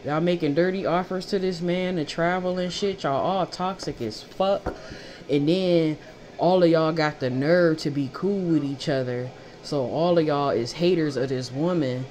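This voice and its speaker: A woman's voice: low-pitched, moderate pace, a little mellow. A woman giving a casual tarot reading who talks bluntly, swears freely and repeats phrases for emphasis. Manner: blunt, profane and fired up. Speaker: tarot reader.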